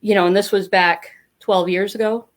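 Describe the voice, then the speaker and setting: A woman's voice: medium pitch, steady tone, normal speed. A middle-aged woman telling her family story as a podcast guest, candid and talkative, with many fillers. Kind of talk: casual interview storytelling.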